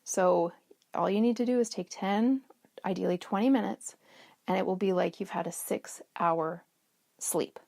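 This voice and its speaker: A woman's voice: medium pitch, unhurried, gravelly, warm tone, dry recording, studio quality. A middle-aged woman hosting a self-care podcast, telling stories in a chatty way that restarts sentences. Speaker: podcast host. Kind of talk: casual self-care talk.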